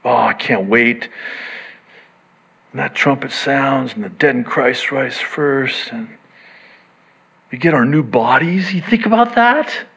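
A man preaching a sermon to his church, swinging from hushed reflection to excited emphasis, with joking asides. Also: mid-range voice, a little slow, slightly rough. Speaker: pastor. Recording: dull lo-fi sound.

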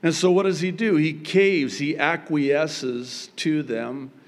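A male pastor praying and then preaching, with bursts of loud, high emphasis on key words. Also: slow pace. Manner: animated preaching with sudden emphatic pitch jumps. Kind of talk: sermon. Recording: long hall reverb.

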